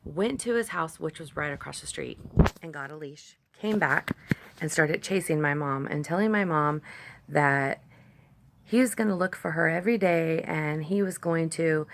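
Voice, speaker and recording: A woman with a low, gravelly voice chats through a long, rambling story, filming herself on a phone. She drifts off the topic to call to her dogs and then picks the thread back up. Faint noise sits behind her. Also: moderate pace. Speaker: vlogger.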